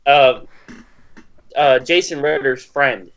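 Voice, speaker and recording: A man in his twenties, excitable and swearing freely, chatting casually during a movie commentary. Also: medium pitch, takes it slowly, highs cut off. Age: 20s. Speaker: commentary guest.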